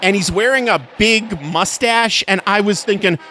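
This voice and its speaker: A man's voice: high voice, sharp tone, a little hiss or hum. A man hosting a comedy podcast, reviewing a movie with sarcastic, profane riffs. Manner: sarcastic, profane, quick riffing. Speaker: podcast host.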